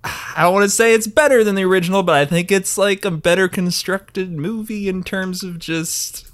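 A man with a somewhat high voice joins a casual film review podcast. He lays out his points thoughtfully and keeps the talk relaxed. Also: moderate pace. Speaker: podcast co-host.

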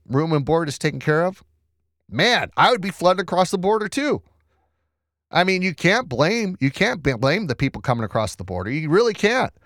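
A man's voice: a little high, a bit bright, no room sound, studio quality. A man hosting a casual news commentary show, chatty and sarcastic, often restarting words and reading from the screen.

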